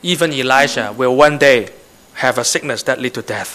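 Bright-voiced man preaching in short phrases. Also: mid-range voice. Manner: short phrases paused for the interpreter. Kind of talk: sermon with live interpretation.

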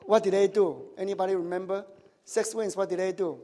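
A man preaching a sermon in a high, light voice that rings out through a church hall with long reverb. He keeps asking the congregation questions, checks in with "right?" and "huh?", and speaks with nonnative grammar. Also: fairly even intonation, fairly quick, warm tone. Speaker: pastor.

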